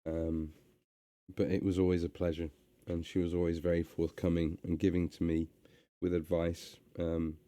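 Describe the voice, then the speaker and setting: Brief: relaxed male streamer, hesitant chat, dry close sound. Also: deep voice, moderate pace, no echo. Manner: relaxed, hesitant with many fillers. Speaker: streamer reading aloud. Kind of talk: casual reading and chat on a live stream.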